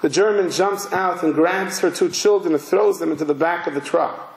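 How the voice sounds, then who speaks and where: A male rabbi giving a sermon, telling a story slowly and emphatically. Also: a little high, gravelly. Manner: slow, emphatic, vivid narration. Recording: roomy hall echo.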